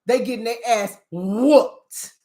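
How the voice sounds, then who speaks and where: A woman's voice: a little high, takes it slowly, mellow. Profane, fiery woman ranting on camera. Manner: profane, emphatic, combative; talks straight at the viewer. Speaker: spiritual commentator on current events. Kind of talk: heated political rant.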